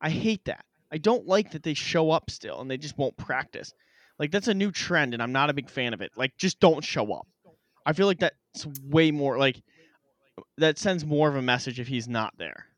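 A man's voice: a little high, lively intonation, normal speed, a bit bright, dry recording. A young man hosting a casual sports podcast, upbeat and chatty as he steers from topic to topic. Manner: upbeat, leads the segments, chatty.

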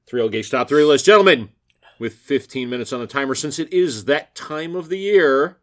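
A man hosting a podcast, steering the talk and setting up topics for the others. His voice sits a little high. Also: a bit bright. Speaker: podcast host. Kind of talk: casual podcast chat.

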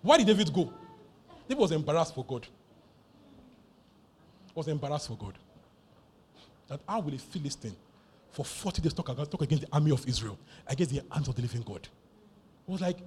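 A man preaching a sermon, animated and emphatic, repeating key phrases over and over. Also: fairly high pitch, fast talker, long pauses, slight background noise. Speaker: pastor.

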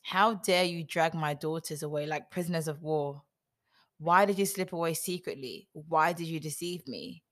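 An indignant old patriarch, read by a woman fires off one reproachful question after another. The voice sits low and stays close to plain storybook reading. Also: normal speed, natural voice. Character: indignant old male patriarch, grasping and accusing.

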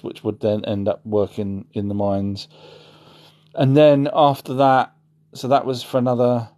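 A man's voice: lowish voice, warm tone. A man hosting a casual livestream, answering chat in a rambling way and often correcting himself. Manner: rambling, self-correcting, apologetic asides.

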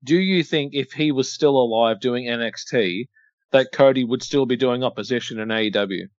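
A man's voice: mid-range voice, moderate pace, dry recording, dull audio. Wry mid-voiced man co-hosting. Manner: wry, questioning, laughs often. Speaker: podcast co-host. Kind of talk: casual chat watching wrestling.

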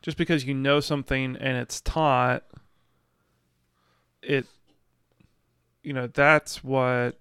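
A man's voice: medium pitch, steady tone, slow pace, long pauses, fairly bright tone, clear, resonant tone, no room sound, studio quality. A man co-hosting a podcast, discussing a novel in a reflective, hesitant way with many restarts. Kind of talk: casual book discussion.

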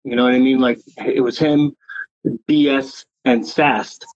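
In an unhurried, medium-pitched voice with fairly even intonation, this interview guest, a graffiti writer, spins stories in a casual chat. His talk is rambling and profane street speech, heavy on swearing and "you know what I mean." The recording has no echo but its highs are cut off.

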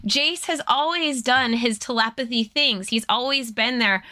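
A woman's voice: fairly high pitch, a little slow, hardly any pauses, sharp tone, dry recording. A woman co-hosting a casual recap show, talking emotionally and laughing about the story. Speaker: co-host recapping story lore. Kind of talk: casual chat.

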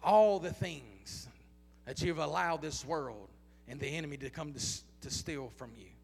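A male preacher with a high, gravelly voice delivers his sermon through driving repeated questions. His tone is bright and edged. The sound carries the long reverb of a large church hall. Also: moderate pace, soft background music. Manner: repetitive rhetorical questions, rising to chanted intensity.

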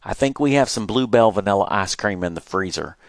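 A man voicing a rural father who reassures his family and neighbor, loud and carrying when he calls out. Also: fairly low pitch, lively intonation, brisk, no room sound, clean studio sound. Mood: gentle.

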